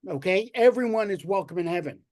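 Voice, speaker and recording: A man voicing God as a calm, firm and welcoming male authority in a spoken joke. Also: high voice, a little fast.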